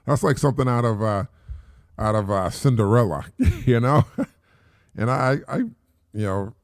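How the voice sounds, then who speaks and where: A man's voice: mid-range voice, animated, normal speed, vocal fry, darkish tone, no room sound, studio quality. A middle-aged man hosting a solo podcast, talking in a rambling, casual way with many fillers and repeats. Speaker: podcast host.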